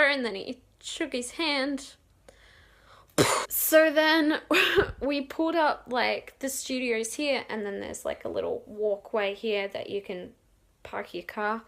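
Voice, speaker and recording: A young woman telling a rambling, excited storytime, giggling and acting out quotes loudly. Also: on the high side, takes it slowly. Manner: excitable, giggly, acts out quotes with bursts of loudness; rambling with many fillers and restarts. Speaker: vlogger. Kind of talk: casual storytime.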